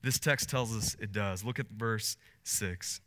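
Bright-voiced man preaching in a hall. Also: lowish voice, a little slow. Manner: earnest, building to emphatic peaks. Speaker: pastor. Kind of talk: sermon. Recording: long hall reverb.

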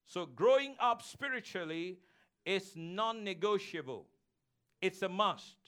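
High-voiced man preaching emphatically. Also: expressive, slow pace, sharp tone, clear, resonant tone. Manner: emphatic, repetitive preaching that calls for congregation responses. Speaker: pastor. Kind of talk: sermon. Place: church sanctuary.

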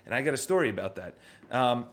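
A fast-talking livestream host in his thirties, with a New York accent and an expressive medium-pitched voice, delivers casual motivation. He's emphatic, says things over and over, and keeps throwing out rhetorical questions.

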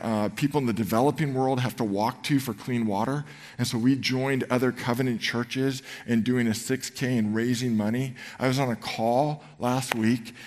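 Guy pastor giving a sermon, chatty and earnest, mid-pitch voice, big church hall echo. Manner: conversational, earnest, shifts into quoted voices. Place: church sanctuary.

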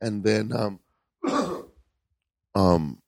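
A man's voice: lowish voice, very animated, very slow, dry recording. A man co-hosting a podcast, chatting loosely and rambling, with casual swearing. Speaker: podcast co-host. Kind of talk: casual chat.

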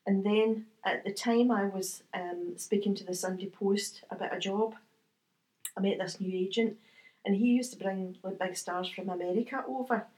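A woman's voice: mid-range voice, moderate pace. Chatty Scottish woman telling stories. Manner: chatty, animated anecdotes with quoted voices and laughter. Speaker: guest, medium. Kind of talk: casual interview storytelling.

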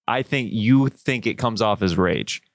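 A young man hosting a podcast, talking in a quick, playful and defensive back-and-forth. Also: fairly low pitch, no room sound, clean studio sound. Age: young adult. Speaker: podcast host and comedian. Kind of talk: casual podcast banter.

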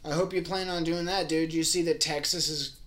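A man's voice: fairly high pitch, fairly even intonation, fairly quick, a bit bright. A man co-hosting a casual podcast, chiming in with dry, teasing jabs. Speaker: podcast co-host.

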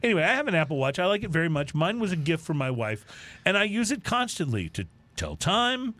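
Animated jokey man on a podcast. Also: a little high, a little fast. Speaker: podcast co-host. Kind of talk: casual chat and comic news reading.

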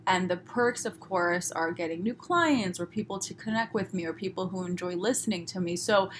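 A podcast host from Los Angeles, USA, with a Southern California accent, gives a chatty, upbeat solo talk packed with fillers. She talks fast with crisp pronunciation in a lowish voice, recorded on a podcast microphone with slight background noise.

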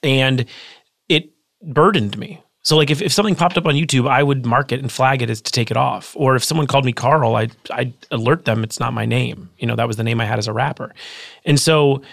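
Fast-talking man in his thirties. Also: mid-range voice, creaky, a bit bright, dry recording, studio quality. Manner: fast, earnest storytelling with frequent restarts. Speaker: author guest. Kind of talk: casual interview conversation.

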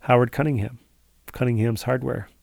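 A man's voice: mid-range voice, fairly even intonation, moderate pace, gravelly, darkish tone, no room sound, studio quality. Rambling man reading listener mail. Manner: rambling, digressive, full of asides. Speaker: podcast co-host. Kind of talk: casual podcast chat, reading listener emails.

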